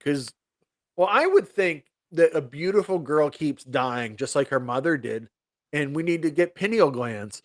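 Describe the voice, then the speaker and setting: Excited guy gushing about a poster, slightly high voice, dry close sound. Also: unhurried, no echo. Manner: enthusiastic, reads a movie ad aloud. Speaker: co-host. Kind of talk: casual chat.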